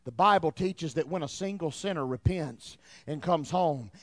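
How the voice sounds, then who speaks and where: A man in his thirties preaching a sermon in church, telling a story in an animated way and repeating words as he gets excited. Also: a little high, normal speed, no echo. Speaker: pastor.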